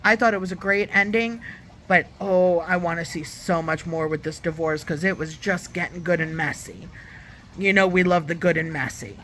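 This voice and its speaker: Bright-voiced chatty woman reviewer. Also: lowish voice, moderate pace, a little hiss or hum. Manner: chatty and opinionated, acts out quotes. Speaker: YouTube reviewer. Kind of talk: casual reality-TV review.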